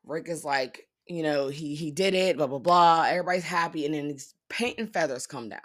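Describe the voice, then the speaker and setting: Young woman, deep voice, casual vlog storytelling, animated, swears a lot. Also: a little fast. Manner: animated, profane, quotes characters in paraphrase. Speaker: vlogger recapping a TV episode.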